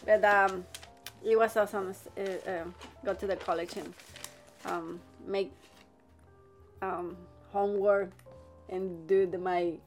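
A middle-aged woman, a native Spanish speaker, chatting as a podcast guest in a relaxed way, laughing often and switching between Spanish and halting English. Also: medium pitch, over music. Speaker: guest, the host's mother. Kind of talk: casual podcast chat.

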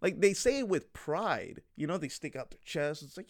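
A man's voice: a little high, big pitch swings, normal speed, no room sound, clean studio sound. A man in his twenties talking casually to his viewers, rambling and frank, full of fillers and restarts. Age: 20s.

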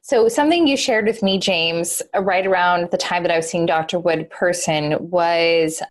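A woman talking casually and earnestly on a podcast about her own experience, full of "like" and filler. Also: on the low side. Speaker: guest, host's wife.

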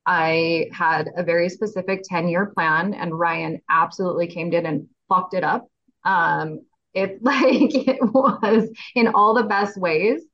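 Woman, podcast guest, lowish voice, animated, frequent fillers, muffled lo-fi sound. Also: a little slow. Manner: animated, laughing often, many fillers. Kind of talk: casual heartfelt chat. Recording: slightly dull lo-fi audio.

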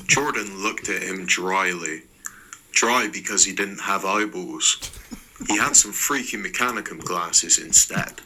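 Slow bright-voiced Irish man narrating. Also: low-pitched, slight background noise, poor audio. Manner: amused, breaking into laughs. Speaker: listener sending in a story. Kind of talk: comic story narration.

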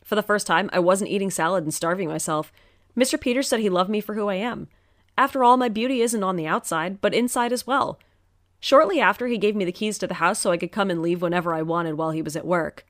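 A woman's voice: medium pitch, quick pace, dry recording, studio quality. A woman narrating a first-person story in an earnest, emotional storytelling manner.

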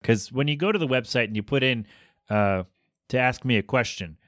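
A man's voice: mid-range voice, brisk, a bit bright, dry recording, studio quality. A man hosting a solo podcast, rambling and self-deprecating as he rants about small annoyances. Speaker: podcast host.

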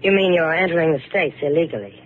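A woman's voice: sits low, quick pace, close to an everyday voice. Sailor Duval, a woman as a wry adventurer. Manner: wry, sarcastic, unflappable. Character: sassy, fearless female adventurer. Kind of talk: 1950s radio drama acting. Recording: scratchy old radio broadcast, narrow band.

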